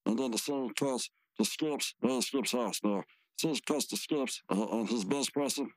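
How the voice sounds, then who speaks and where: A podcast co-host recaps a cartoon in casual, rambling talk, repeating himself and leaning heavily on fillers. His voice is medium-pitched and unhurried.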